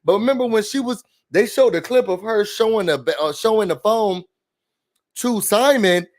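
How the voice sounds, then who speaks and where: A man recapping a reality show in a sassy, animated rant, talking straight to his viewers from a room indoors. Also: high voice, moderate pace. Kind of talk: casual rant-style recap.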